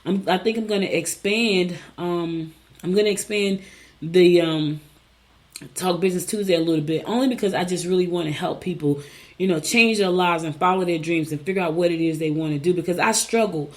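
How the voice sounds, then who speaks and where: A middle-aged woman from Newark, New Jersey hosts a casual talk show. Her voice sits a little low, and she chats with her viewers in a personal, storytelling way. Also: fairly quick. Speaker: host.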